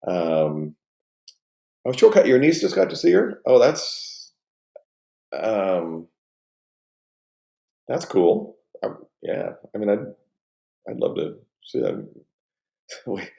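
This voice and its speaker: A man's voice: deep voice, vocal fry, dark tone, echoey room. A middle-aged man and company co-founder chatting casually on a live stream from home, rambling with many restarts and fillers and reading out viewer comments.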